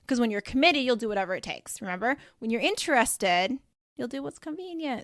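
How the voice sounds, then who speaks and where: A woman's voice: fairly high pitch, expressive, fairly quick, a bit bright, no echo, clean studio sound. A woman, hosting her own podcast in a bubbly, gushing chat full of "like" and "you know". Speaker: podcast host. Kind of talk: casual solo podcast chat.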